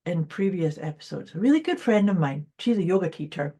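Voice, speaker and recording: Husky-voiced encouraging woman co-host. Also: lowish voice, animated, brisk, warm tone. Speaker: podcast co-host. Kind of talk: casual motivational chat.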